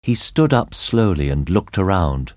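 Deep, slow-reading male narrator. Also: very animated, darkish tone, no room sound, clean studio sound. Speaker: audiobook narrator. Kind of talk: scripted narration of a graded reader.

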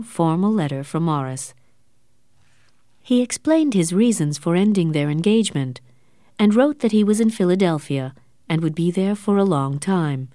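Lively-voiced woman narrating a story. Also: lowish voice, dry recording, clean studio sound. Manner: clear, measured storytelling. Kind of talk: audiobook narration.

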